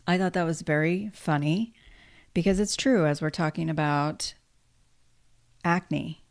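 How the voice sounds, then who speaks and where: A tired woman in her fifties talks straight to the camera in a casual, candid way. Her voice sits low and has a gravelly fry, and she drops dry sarcastic asides about her own troubles. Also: a little slow, a little mellow. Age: 50s. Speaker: vlogger.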